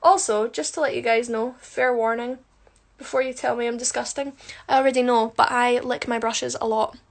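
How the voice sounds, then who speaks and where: A woman's voice: on the high side, steady tone, normal speed, vocal fry. A woman chatting casually on a phone livestream at home, self-mocking and answering viewer questions while doing her makeup. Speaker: musical theatre performer.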